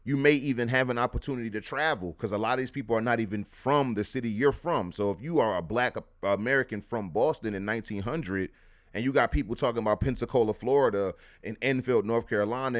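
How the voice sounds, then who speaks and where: A man hosting a live history show, talking in a casual, animated way with slangy asides. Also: medium pitch, a little fast. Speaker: host.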